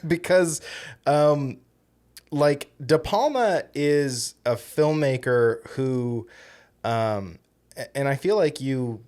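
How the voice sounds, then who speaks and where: A man's voice: medium pitch, animated, takes it slowly, darkish tone, smooth. A man co-hosting a podcast, chatting casually about films, rambling with frequent ums and restarts. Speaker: podcast co-host. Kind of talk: casual film-discussion chat.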